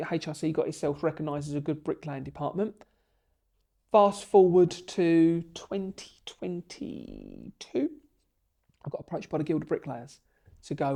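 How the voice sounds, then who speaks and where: A man in a podcast interview, telling his story with lively, emotional energy. His voice sits a bit high for a man and has a gravelly fry running through it. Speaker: podcast guest, bricklaying tutor.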